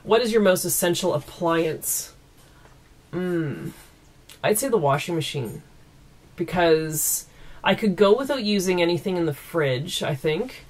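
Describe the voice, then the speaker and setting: A woman's voice: fairly low pitch, animated, unhurried. Chatty giggly woman vlogging at home. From East Coast Canada. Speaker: vlogger answering viewer questions. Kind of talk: casual Q&A chat. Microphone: camera mic.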